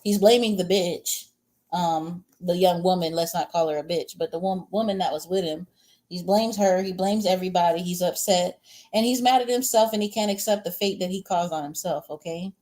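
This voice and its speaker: Low-voiced woman doing a chatty tarot reading. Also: moderate pace, darkish tone. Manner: rambling, talks back to viewer comments, blunt and crude. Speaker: tarot reader. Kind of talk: casual livestream tarot reading.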